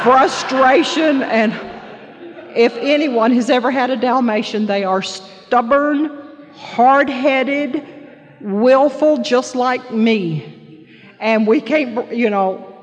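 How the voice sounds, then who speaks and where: An older woman from the Florida panhandle speaking as a grandmother, telling a personal story to a meeting in an earnest, emotional, plain-spoken way. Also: lowish voice. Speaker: speaker sharing at a recovery meeting. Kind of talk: personal testimony to an audience. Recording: hall reverb.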